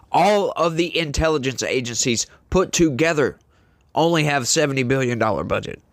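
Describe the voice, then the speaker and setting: A man in a medium-pitched voice hosts a casual political commentary show. He talks straight to his viewers in an emphatic, indignant way. His voice sounds dry and close to the mic, with no room echo. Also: a bit bright.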